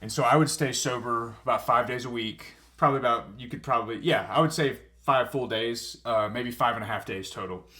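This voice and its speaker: Young male fitness podcast host, calm and earnest, mid pitch, reflective monologue. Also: a little fast, few pauses. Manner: calm, earnest, with frequent filler words. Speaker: podcast host and personal trainer.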